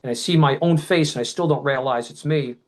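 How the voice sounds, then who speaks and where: A middle-aged man recounts a personal memory at length, his voice sitting in an ordinary middle pitch. He rambles and circles back, restarts his sentences, and bursts into loud quoted shouts of what people said. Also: a little fast, poor audio. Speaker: podcast guest. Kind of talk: emotional personal storytelling.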